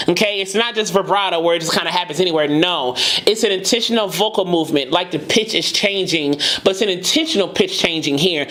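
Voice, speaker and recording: A woman's voice: lowish voice, fairly quick, fairly bright tone. A woman vocal coach reacting to a song, enthusiastic and breaking into sung syllables to demonstrate. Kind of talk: reaction commentary.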